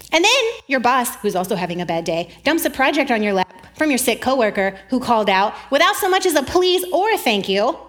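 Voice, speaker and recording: Lively high-voiced woman preaching. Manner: animated, laughs often, acts out quoted voices; jittery, says she is over-caffeinated. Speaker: speaker giving a faith talk. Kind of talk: sermon-style talk.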